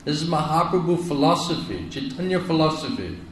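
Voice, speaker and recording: Male spiritual teacher, a bit high-pitched, emphatic and repetitive, recorded in a roomy hall. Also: lively intonation, fairly quick, a bit bright, a little hiss or hum. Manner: emphatic, repeats phrases, asks "isn't it?". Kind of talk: devotional lecture. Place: lecture hall in India. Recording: echoey hall, heard from a distance.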